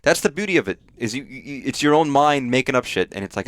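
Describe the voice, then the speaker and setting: A man's voice: medium pitch, lively intonation, quick pace, a bit bright, no room sound. A man streaming a game live, chatting casually in a rambling way, swearing often and full of fillers. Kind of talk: casual live gameplay chat.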